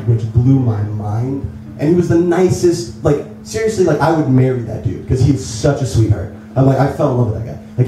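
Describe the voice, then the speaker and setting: Young male musician guest, quick chatty storyteller, mic at a distance. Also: mid-range voice. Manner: animated storyteller, quick and rambling, many "like"s. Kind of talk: casual radio interview. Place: radio station studio. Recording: echoey room, distant mic, noisy.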